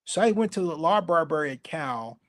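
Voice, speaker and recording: A middle-aged man telling stories as an interview guest, animated and acting out the voices of people he quotes. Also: fairly high pitch, fairly quick. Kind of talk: storytelling interview.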